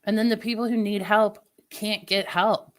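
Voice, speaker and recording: A woman's voice: mid-range voice, fairly even intonation, normal speed. A woman livestreamer in casual chat with her viewers, venting opinions in a chatty way. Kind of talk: casual live-stream chat.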